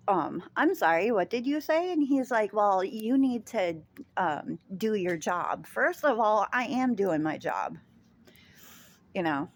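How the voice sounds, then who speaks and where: Slow, rambling woman vlogger. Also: mid-range voice. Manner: rambling, with many fillers and restarts. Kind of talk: casual storytime.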